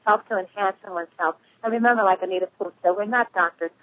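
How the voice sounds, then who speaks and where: Woman pastor host, quick and affirming, phone-quality audio. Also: mid-range voice. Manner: warm, affirming, quick-talking. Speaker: pastor hosting the call. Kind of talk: conference call hosting. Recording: phone-line conference call.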